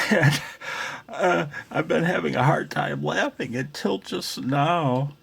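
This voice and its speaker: A man with a deep voice vlogging casually at home and in his garage, laid-back and quick to laugh, saying "man" a lot. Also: gravelly, a bit bright, a little hiss or hum. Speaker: ham radio vlogger. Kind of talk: casual vlog chat.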